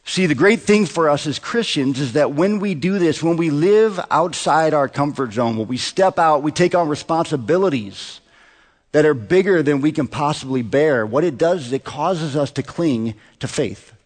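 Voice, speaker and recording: A man's voice: on the high side, expressive, normal speed. A man in his thirties preaching a sermon in a conversational way, often asking the congregation rhetorical questions. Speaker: pastor. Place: church sanctuary. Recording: long hall reverb.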